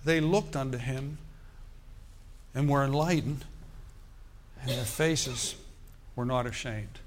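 A man preaching a sermon, animated and quoting scripture, calling out for amens. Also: medium pitch, slow pace, background noise.

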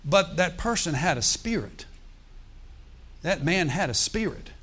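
A man pastor telling a story in a sermon, animated, with asides and quoted dialogue. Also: fairly high pitch, a little slow, breathy edge.

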